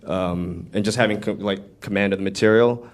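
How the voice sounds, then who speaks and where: A man's voice: fairly low pitch, normal speed. A man, a screenwriter guest at a Q&A, telling stories casually, acting out quotes, swearing and laughing often. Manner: animated, profane, acts out quotes, laughs often. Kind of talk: casual anecdotal storytelling. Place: live Q&A event.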